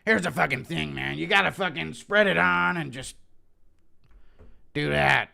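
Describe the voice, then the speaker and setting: A man's voice: fairly high pitch, a little slow, creaky, sharp tone, voice pushed up, heavily acted. A man voicing a brash, foul-mouthed male fighter, swaggering and profane, in a slightly raised voice. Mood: cocky.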